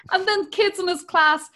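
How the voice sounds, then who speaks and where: Irish woman, forties, high voice, swearing, animated anecdotes, casual chat. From Ireland. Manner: profane, lively storytelling.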